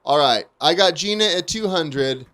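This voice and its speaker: A man's voice: fairly high pitch, animated, moderate pace, pushed and bright. Upbeat man running a live auction. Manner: upbeat, playful patter. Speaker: host and auctioneer. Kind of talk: live-stream auction chat.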